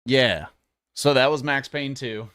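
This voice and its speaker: A man's voice: medium pitch, takes it slowly, a bit bright, smooth, no echo, studio quality. A man hosting a casual reaction video, talking loosely with offhand asides and swearing.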